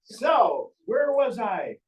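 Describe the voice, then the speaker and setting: An entertainer and ventriloquist tells comic stories live from the stage of a large hall, playfully bantering with and teasing the crowd. His voice is extremely high with big pitch swings and a very slow pace, captured from a distance in poor-quality audio.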